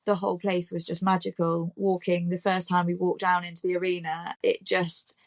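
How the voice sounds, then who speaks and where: A woman's voice: lowish voice, flat delivery, moderate pace, no room sound. A British woman, an Olympic rider, chatting reflectively as a podcast guest with frequent ums and restarts. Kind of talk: casual chat.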